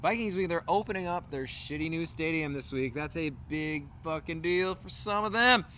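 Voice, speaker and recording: A man's voice: on the high side, normal speed, pushed and bright, slight background noise. A man co-hosting a sports podcast in casual chat, loose and joking, swearing freely. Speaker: podcast co-host.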